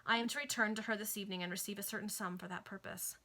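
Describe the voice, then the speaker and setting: A woman's voice: mid-range voice, fairly even intonation, very fast, pushed and bright. A woman reading aloud the lines of a desperate male returned convict, who sounds pleading and bitter.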